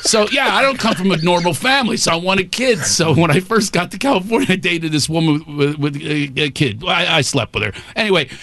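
Animated self-mocking comic storyteller, man. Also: sits high, a little fast, vocal fry, hardly any pauses. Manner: animated, self-mocking, laughing through his stories. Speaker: guest comedian. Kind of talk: comic storytelling on a radio show.

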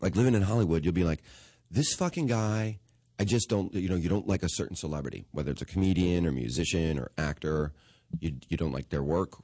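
A man co-hosting a podcast, telling stories in a fast, profane, casual way with quoted asides. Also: a bass voice, warm tone, dry recording, clean studio sound. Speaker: podcast co-host. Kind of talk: casual chat. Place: in Los Angeles.

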